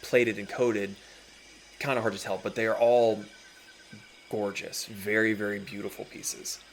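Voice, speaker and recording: Low-voiced man running a tabletop game. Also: a little slow, a little hiss or hum. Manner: relaxed, descriptive, many fillers. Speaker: dungeon master.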